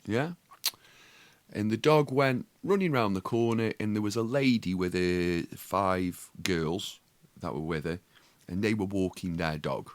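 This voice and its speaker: A podcast co-host tells a story in casual chat, voicing the other people involved and swearing freely. His voice is low-pitched and unhurried, with no room sound.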